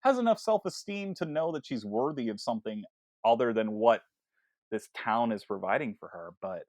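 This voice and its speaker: A man co-hosting a casual film podcast, talking in an animated way with lots of stammered restarts and acted-out quotes. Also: medium pitch, normal speed, no room sound, studio quality. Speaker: podcast co-host.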